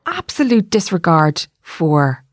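A woman's voice: on the low side, big pitch swings, slow, dry recording. Playful teasing woman, dry mic. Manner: teasing, playful, jumps between topics. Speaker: guest, actor. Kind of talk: casual chat.

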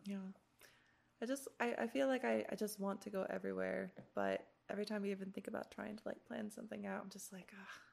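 A woman hosts a relaxed podcast, drifting from thought to thought in a self-deprecating, mildly stoned way. Her voice is full of heavy, gravelly fry, and she swears casually as she talks. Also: medium pitch, fast talker. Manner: loose, rambling, self-deprecating, curses casually. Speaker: podcast host.

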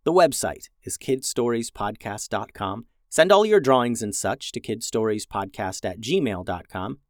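A man reading a children's adventure story in a gentle, even storytelling manner as a podcast host. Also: fairly low pitch, normal speed, no room sound, clean studio sound. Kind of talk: scripted story narration.

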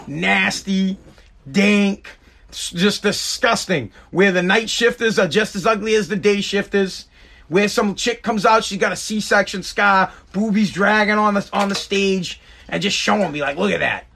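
A man's voice: high voice, a little slow, sharp tone. A man in his forties, a podcast host, ranting crudely and jokingly in a rambling way, with stammered restarts. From United States. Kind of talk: casual comedic rant.

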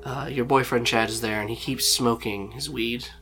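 A man's voice: medium pitch, fairly even intonation, normal speed, pushed and bright, faint music behind. A man narrating a tabletop role-playing game as game master, in a loose storytelling way with lots of fillers.

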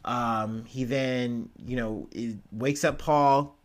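A man's voice: mid-range voice, fairly even intonation, slow pace. Rambling profane male commentator. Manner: loose, profane, rambling with many fillers. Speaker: commentary host. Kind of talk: casual news commentary.

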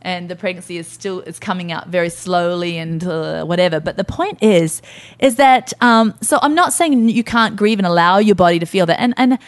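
A woman's voice: lowish voice, moderate pace. A middle-aged woman co-hosting a faith-based podcast, talking earnestly and emotionally about grief and hope. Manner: earnest, emotional, quotes herself speaking to her body. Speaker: podcast co-host.

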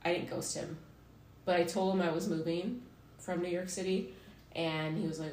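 A woman's voice: fairly low pitch, steady tone, moderate pace, darkish tone. A woman hosting a podcast in casual chat, laughing often and swearing freely. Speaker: podcast host. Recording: roomy echo with faint noise.

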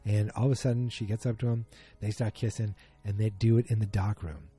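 A man's voice: fairly low pitch, steady tone, brisk, dark tone, slightly rough, faint music behind. A man giving a chatty, opinionated recap of a TV episode, full of fillers and asides.

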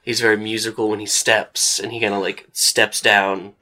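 A man with a fairly low voice runs a tabletop role-playing game as its game master. He describes characters and scenes in a loose, chatty way full of fillers. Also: flat delivery, normal speed, pushed and bright.

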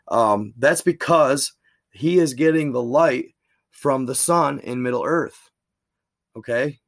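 A man's voice: medium pitch, unhurried. A man reading a diary aloud in a plain way, stopping now and then for casual asides of his own.

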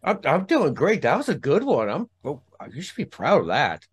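A man's voice: fairly high pitch, huge pitch swings, moderate pace, husky. A man co-hosting a comedy podcast, bantering bluntly and crudely. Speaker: podcast co-host. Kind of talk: casual comedy podcast chat.

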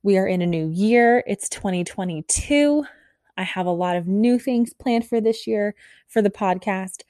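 A woman in her thirties hosting a casual solo podcast, talking fast and bubbly, rambling with lots of "like" and little laughs. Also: on the low side, darkish tone, dry recording, clean studio sound. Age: 30s. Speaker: podcast host.

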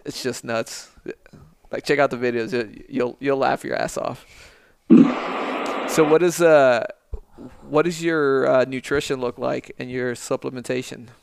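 A man's voice: medium pitch, vocal fry, clear, resonant tone, no room sound. A man hosting a podcast who chats in a laid-back, conversational way. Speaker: podcast host. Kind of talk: casual chat.

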